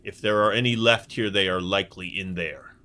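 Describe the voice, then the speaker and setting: A man's voice: deep voice, steady tone, brisk, sharp tone. A man voicing a stern military general who gives formal, urgent orders. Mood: commanding.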